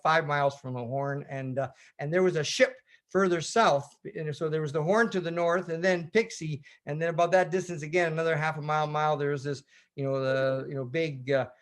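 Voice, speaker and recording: High-voiced Canadian man spinning a sea yarn. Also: quick pace. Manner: lively, rambling, acts out radio calls in voices. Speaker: sailor giving a presentation. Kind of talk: animated storytelling talk. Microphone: video call.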